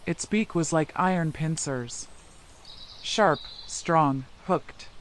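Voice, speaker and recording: Male storyteller, slightly high voice, calm even reading of a kids' tale. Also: slow, slight background noise. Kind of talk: scripted story narration.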